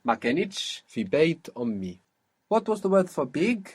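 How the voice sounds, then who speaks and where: A man's voice: a little high, sing-song, quick pace, a little mellow, slightly rough. Patient male language teacher. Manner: patient, repeats and models each phrase. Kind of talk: guided language lesson.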